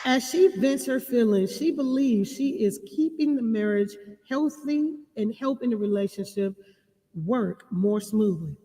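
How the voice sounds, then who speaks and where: A woman giving relationship advice to her viewers, reading passages and repeating key lines slowly for emphasis. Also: a little high, animated, mellow, in a large hall, a little hiss or hum. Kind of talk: reading and commenting on a marriage book.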